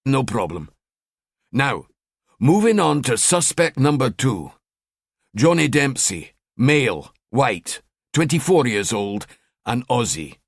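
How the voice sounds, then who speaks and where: A man's voice: mid-range voice, sing-song, takes it slowly, no echo, studio quality, heavily acted. A man voicing a cheeky, sardonic male police detective in an audiobook. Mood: wry. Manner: wry, chatty.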